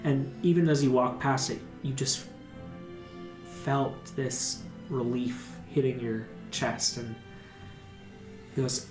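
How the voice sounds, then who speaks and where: A man serving as dungeon master, narrating a tabletop game in a casual, loose way full of fillers. His voice sits at a middle pitch in a roomy space, with faint music in the background. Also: fairly even intonation, slow pace, long pauses. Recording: roomy room, music behind.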